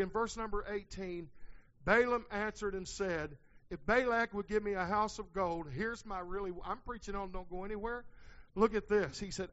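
High, bright preacher man. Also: lo-fi sound. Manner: preaching with folksy asides and sudden hollered peaks. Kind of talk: sermon.

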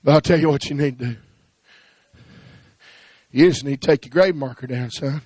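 A man preaching a sermon, swinging from hushed pleading to rising, shouted cadences. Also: medium pitch, normal speed, dry recording.

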